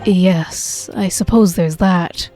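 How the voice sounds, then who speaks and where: A woman's voice: lowish voice, takes it slowly, warm tone, soft background music. A woman doing a nervous young lawyer man.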